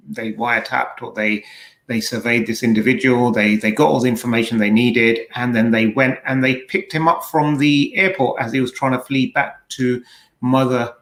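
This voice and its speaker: A man co-hosting a casual podcast, retelling a story with lively energy and plenty of false starts. His voice sits at an ordinary pitch. The room around him rings with a clear echo. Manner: animated, rambling storytelling with frequent restarts. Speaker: podcast co-host. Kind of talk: casual security podcast chat.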